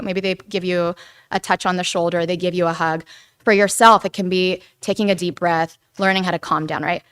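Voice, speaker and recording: A woman giving a casual, chatty lecture to a church group, animated and often checking in with "right?". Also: fairly low pitch, fast, clear, resonant tone. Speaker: guest speaker on attachment theory.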